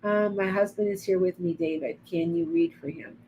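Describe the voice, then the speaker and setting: A woman's voice: lowish voice, steady tone, moderate pace, mellow, faint music behind, rough recording. A middle-aged woman giving rambling psychic readings on a live stream. She greets viewers by name as she goes. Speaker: psychic medium.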